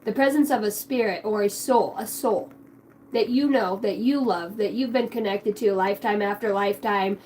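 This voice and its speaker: A woman's voice: mid-range voice, moderate pace, a little mellow, a little hiss or hum, low-quality recording. A young woman giving a spiritual card reading, emotional and rambling, swearing casually. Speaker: tarot card reader.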